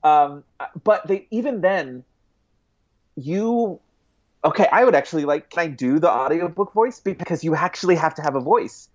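A man, a guest author, chatting casually in an interview, rambling with restarts and quick laughs. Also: fairly high pitch, expressive. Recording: dull lo-fi sound.

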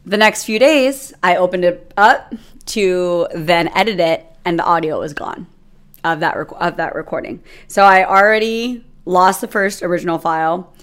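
A young adult woman hosts her own podcast, delivering a casual solo monologue about something from her life. She chats and rambles with plenty of fillers, speaking at a normal speed in a lowish voice.

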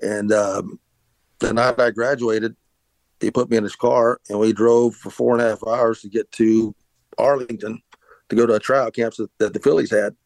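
A man's voice: lowish voice, steady tone, normal speed, gravelly, a little mellow, no room sound, low-quality recording. A middle-aged man, telling a long rambling story about his past as an interview guest, with many restarts and fillers. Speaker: interview guest, former pitcher. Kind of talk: casual storytelling.

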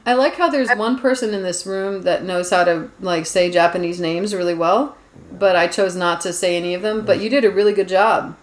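A woman's voice: fairly low pitch, a little fast. A woman hosting a casual podcast chat, telling rambling stories with lots of "like"s and restarts. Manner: rambling, chatty storyteller with frequent "like"s. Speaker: podcast host. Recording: roomy echo.

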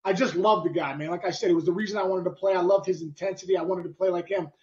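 A middle-aged former baseball player hosts a podcast, telling a story in casual, animated chat with bursts of sound effects. His voice is high-pitched and rapid-fire, and the audio has its highs cut off.

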